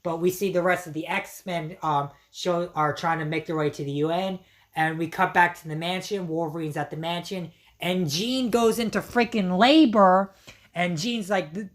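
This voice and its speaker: A woman reviewer giving an excited, casual recap, her voice strained from yelling. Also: on the low side, moderate pace. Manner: excitable, many fillers and slang.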